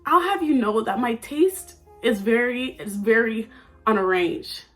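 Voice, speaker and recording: A woman's voice: a little high, animated, measured pace, fairly bright tone, soft background music. A nineteen-year-old woman vlogging at home in a chatty, playful, oversharing way. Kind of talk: casual chat. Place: at home under a ring light.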